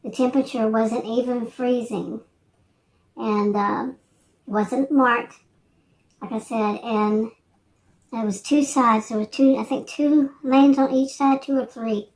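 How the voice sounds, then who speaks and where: Speaking slowly in a steady, slightly mellow, higher-pitched voice, this sixties-aged vlogger meanders through casual chat. She hesitates often, restarting and filling gaps, and there's a light hiss or hum in the audio.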